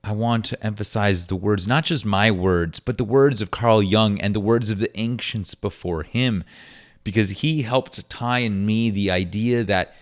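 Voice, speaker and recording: Slow, low-voiced reflective man. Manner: earnest, philosophical, with restarts. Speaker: podcast host. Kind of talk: reflective solo podcast monologue.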